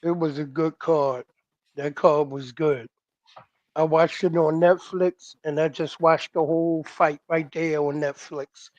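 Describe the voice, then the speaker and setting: Higher-pitched male boxing co-host, halting casual analysis, dull lo-fi dry audio. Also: fairly even intonation, a little mellow, no echo. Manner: loose, halting fight analysis. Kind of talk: casual panel chat.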